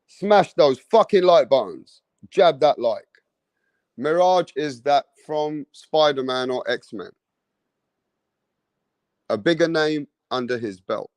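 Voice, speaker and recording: A man's voice: a little high, slow, long pauses, darkish tone, no room sound. A man hosting a boxing live stream, talking casually and swearing while reading viewer comments. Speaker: boxing channel host.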